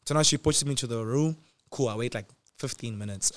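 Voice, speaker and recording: A young man in his twenties tells a personal story to camera in a loose, slang-filled way, breaking into laughter now and then. His voice sits at a middling pitch and sounds close and dry. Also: brisk, dry recording. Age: 20s. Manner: animated, slangy, laughs between lines.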